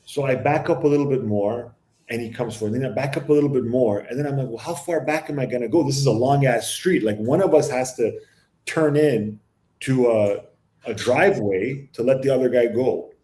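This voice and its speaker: A man's voice: mid-range voice, brisk, dark tone. Profane storytelling man, roomy sound. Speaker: podcast panelist. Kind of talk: casual storytelling chat.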